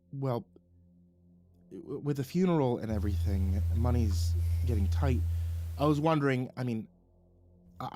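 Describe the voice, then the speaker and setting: A man's voice: medium pitch, dark tone, close to an everyday voice. A man voicing a polite, nervous young man in his late teens who stammers as he pleads for work.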